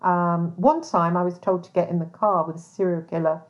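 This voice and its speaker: A woman's voice: lowish voice, steady tone, moderate pace. A woman hosting a podcast, talking bluntly in a casual monologue, with lots of swearing, "um"s and restarts. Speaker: podcast host, private investigator. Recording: dull lo-fi sound.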